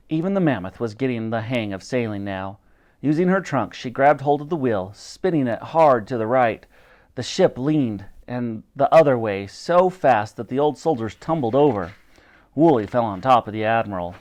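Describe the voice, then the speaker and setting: A man reading a children's adventure book aloud, animated and switching between character voices. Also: mid-range voice, normal speed. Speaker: storyteller.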